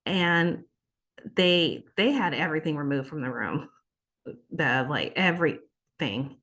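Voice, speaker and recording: A woman in her thirties shares a personal story as an interview guest, her voice sitting a little low. She speaks in a heartfelt, expressive way, often stopping and starting over mid-sentence. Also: slow pace. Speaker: interview guest, exam passer. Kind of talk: emotional personal story in conversation.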